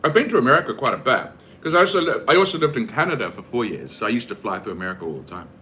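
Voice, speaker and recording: A man's voice: medium pitch, big pitch swings, rapid-fire, pushed and bright, slight background noise. A man with a New Zealand accent chatting casually and rambling with lots of fillers while he cooks for his vlog. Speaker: vlogger. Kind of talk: casual chat while cooking.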